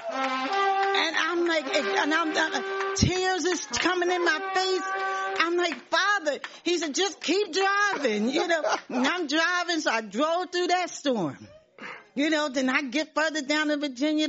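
A woman's voice: sits high, a bit bright. Woman giving an earnest church testimony, lo-fi. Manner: earnest, repeats herself, laughs often. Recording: dull lo-fi sound.

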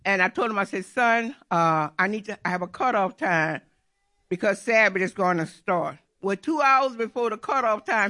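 A woman's voice: medium pitch, lively intonation, moderate pace, sharp tone. A middle-aged woman telling a personal faith testimony in an earnest, repetitive storytelling way. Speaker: churchgoer giving testimony.

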